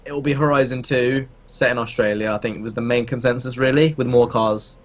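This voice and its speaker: A man's voice: medium pitch, steady tone, fairly quick, dull audio. A man hosting a casual gaming chat over a voice call, blunt and crude, laughing often. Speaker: podcast host. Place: online voice call.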